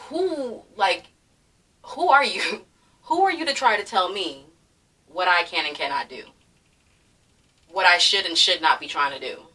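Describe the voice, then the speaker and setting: A young woman with a bright, forceful voice, worked up and swearing through a commentary rant full of fillers and bursts of laughter. She sits a little back from the mic, so the sound is slightly distant. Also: medium pitch. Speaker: commentary vlogger. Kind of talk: ranting commentary.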